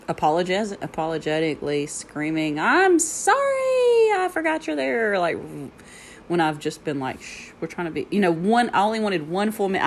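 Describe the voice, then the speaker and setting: A woman's voice: fairly low pitch, a little hiss or hum. A woman who teaches yoga and meditation, hosting her own podcast from home and telling rambling stories with frequent laughs. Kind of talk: casual solo podcast chat. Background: heater rattling.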